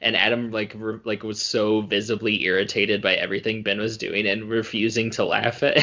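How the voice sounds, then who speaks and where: Laughing, chatty man with a low voice. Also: level tone, moderate pace, bright, forceful tone, dull audio. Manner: laughs often, chatty with many fillers. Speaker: podcast co-host. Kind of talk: casual chat.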